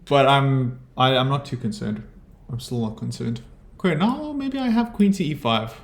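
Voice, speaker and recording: This South African man streams chess, musing aloud about his moves in relaxed commentary over his own game. His medium-pitched voice is expressive and moderately paced, with reverberant sound.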